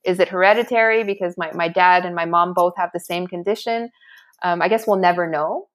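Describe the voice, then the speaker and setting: This middle-aged woman, an interview guest, tells a story with animation and keeps restarting her sentences in relaxed interview chat. Her voice is on the low side and she talks fairly quickly.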